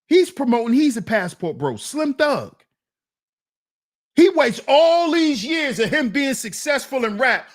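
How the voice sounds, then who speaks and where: Mocking woman with slow, lively delivery. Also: mid-range voice. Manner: mocking, scolding, repeats lines for emphasis; slips into mock voices of the men she criticizes. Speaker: commentary channel host. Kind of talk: reaction commentary.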